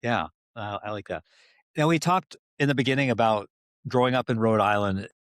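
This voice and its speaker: Recorded in studio quality without echo, this man hosts a casual podcast interview in a brisk, mid-range voice. His questions ramble, and he frequently restarts while summarizing the talk.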